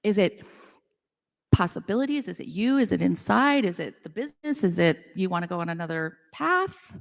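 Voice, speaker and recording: A middle-aged woman with a lowish, gravelly voice is very animated, talking at normal speed. At a women's business event, she entertains a conference-room audience with casual, self-deprecating stories brimming with "like," all under the long reverb of a hall.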